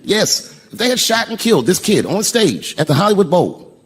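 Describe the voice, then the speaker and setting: Animated male stand-up comic, noisy live room. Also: moderate pace. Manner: animated, jumps to high shouted punchlines. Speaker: stand-up comedian. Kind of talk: stand-up storytelling. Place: stage before a live audience. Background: audience laughter.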